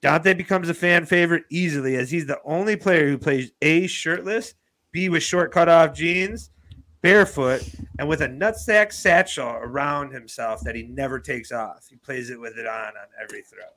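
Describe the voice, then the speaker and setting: A man's voice: normal speed, fairly bright tone. A man in casual comedic chat, jokingly hyping up an invented character with crude humor. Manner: mock-hyped, jokey pitch of an invented character.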